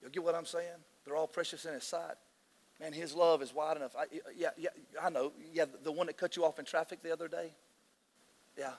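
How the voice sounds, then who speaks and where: Excitable preacher man in a reverberant hall. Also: on the high side, fairly quick. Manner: emotional, excitable preaching with frequent restarts. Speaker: pastor. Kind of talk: sermon. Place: large church hall.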